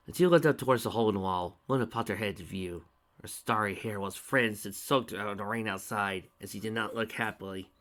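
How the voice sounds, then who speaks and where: A man's voice: lowish voice, a little fast, a bit bright. A man dramatically reading fan fiction aloud, breaking off with exasperated sarcastic asides. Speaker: fanfiction reader.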